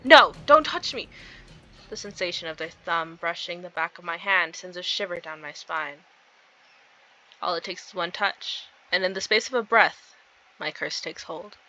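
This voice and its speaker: A woman's voice: fairly low pitch, fairly even intonation, normal speed, bright, forceful tone, muffled recording, slight background noise. A woman reading a visual novel aloud, dramatizing the story and breaking off into giggly asides. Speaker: game streamer.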